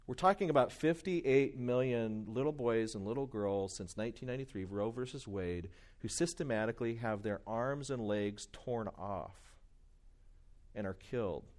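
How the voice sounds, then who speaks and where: A man delivers an emphatic sermon at a moderate pace in a medium-pitched voice. He keeps repeating his key questions, swinging between loud, stressed lines and quiet asides.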